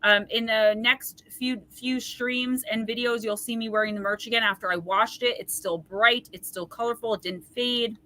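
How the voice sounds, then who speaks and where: Chatty bright-voiced woman reading cards. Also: a little high, steady tone, moderate pace, hardly any pauses. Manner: chatty, rambling, warm-hearted asides to viewers. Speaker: host and oracle card reader. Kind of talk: casual livestream card reading.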